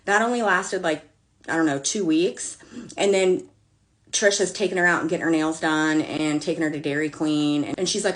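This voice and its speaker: A woman in her thirties tells a long personal story in a casual, blunt way. She swears freely and drops sassy, exasperated asides as she goes. Her voice sits a little on the low side. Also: steady tone, normal speed. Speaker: storyteller vlogger.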